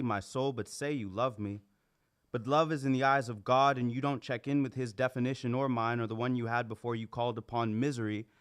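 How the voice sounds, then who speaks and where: Smooth-voiced man reading spoken word. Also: medium pitch. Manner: quiet and earnest, building to pleading intensity. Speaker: poet. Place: open mic venue.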